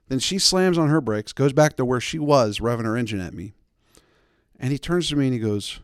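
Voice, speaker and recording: A man's voice: medium pitch, fairly quick, clear, resonant tone, no echo, clean studio sound. A man in his thirties hosting a podcast, telling a wild personal story in a casual, emphatic way and laughing as he goes. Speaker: podcast host.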